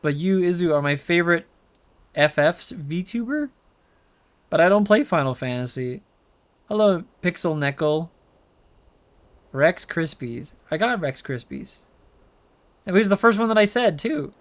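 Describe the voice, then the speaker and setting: His voice is on the high side with lively intonation, a little slow, and he pauses often. He's a young man gaming on a live stream, bantering with chat in a playful, rambling way and dropping meows.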